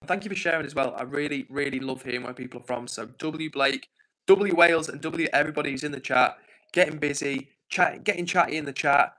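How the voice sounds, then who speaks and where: An English man hosting a livestream from home, chatting casually and reading out comments in an excitable, quick way. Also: fairly high pitch, poor audio. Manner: excitable, fast-talking. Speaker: livestream host.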